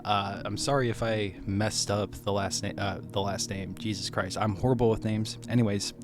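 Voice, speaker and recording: With music playing in the background, a movie reviewer describes his day at the movies in a lowish, steady voice at normal speed. It's a casual, rambling story marked by frequent restarts, self-corrections, and laughter at himself.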